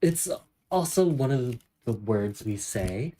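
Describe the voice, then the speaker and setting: This is a young adult streamer from Northern California with a Northern Californian accent. The voice has a mellow, dark tone. The delivery is chatty and rambling, with thoughts forming aloud while answering a live audience. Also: medium pitch, lively intonation, takes it slowly, rough recording. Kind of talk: casual livestream chat with viewers.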